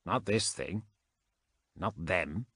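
A man voicing a sardonic, grinning armored warrior in an audiobook, speaking in a deadpan, sarcastic way. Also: sits low, takes it slowly, husky, dry recording, clean studio sound, full character voice.

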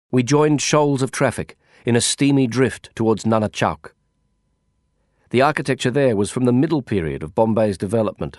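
A man narrating a first-person audiobook in a wry, descriptive, expressive way. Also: mid-range voice, dry recording, clean studio sound.

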